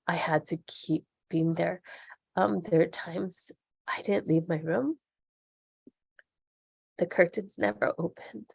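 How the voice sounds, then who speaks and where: Gravelly, husky low-voiced woman. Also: steady tone, takes it slowly, long pauses, a little mellow, dry recording, clean studio sound. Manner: earnest, open and reflective. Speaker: podcast guest. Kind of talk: candid interview conversation.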